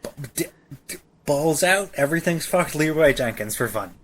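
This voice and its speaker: A man's voice: fairly high pitch, expressive, moderate pace, a little hiss or hum. A man co-hosting a podcast, ranting sarcastically about a cartoon with lots of swearing and stammered restarts. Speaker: podcast co-host. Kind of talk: casual episode recap chat.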